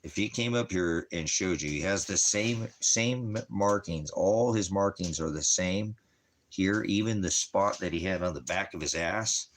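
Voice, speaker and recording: A man's voice: deep voice, unhurried, slight background noise. A middle-aged man in casual chat, rambling and repeating himself with plenty of "you know" as he talks. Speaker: ministry vlogger.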